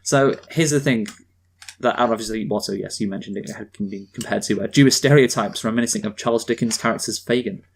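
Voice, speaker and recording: A man's voice: on the low side, brisk, slightly rough. A man co-hosting a casual film review podcast, talking in a rambling, hesitant way full of fillers.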